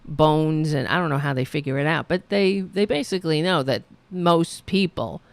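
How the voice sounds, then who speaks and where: A woman's voice: deep voice, moderate pace, no room sound. A woman hosting a political livestream, rambling casually with many fillers while losing her voice. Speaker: host of a political livestream show.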